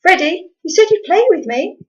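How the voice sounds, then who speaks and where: Brief: woman playing a squeaky, whiny little girl, storybook reading, lo-fi. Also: animated, normal speed.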